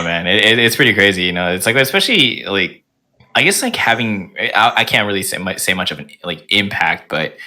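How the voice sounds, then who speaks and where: A young man, a podcast guest, telling stories in an energetic, animated way, full of fillers. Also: on the low side. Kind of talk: casual chat.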